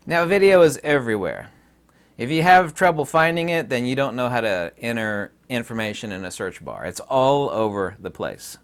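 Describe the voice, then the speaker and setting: A man from the United States talking straight to his viewers in an emphatic, ranting monologue. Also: fairly high pitch. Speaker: vlogger. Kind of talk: casual monologue to camera.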